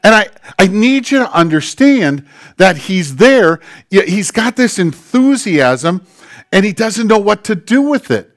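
Male pastor, sermon, fairly high voice, hushed then emphatic, drawn-out phrases. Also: sing-song.

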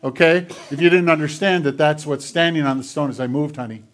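A man preaching a sermon to a congregation, retelling scenes dramatically and dropping into quiet, hushed passages. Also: fairly high pitch, a little fast. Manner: dramatic retellings, drops to near whispers. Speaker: pastor. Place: church filmed on camera.

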